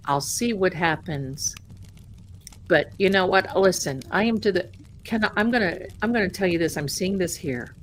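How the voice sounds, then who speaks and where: Woman tarot-stream host, chatty and rambling, mid pitch, calls viewers "darling.". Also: fairly bright tone, slight background noise. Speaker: tarot reader hosting a live stream. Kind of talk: casual live-stream chat.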